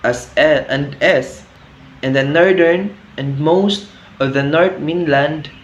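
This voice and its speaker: Slow Cebuano-accented young man, echoey room. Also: fairly high pitch. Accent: Filipino, Cebuano. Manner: slow, careful reading with stumbles on hard words, switching into Cebuano asides. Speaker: student presenter. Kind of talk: school video report. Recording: echoey room with faint ambient noise.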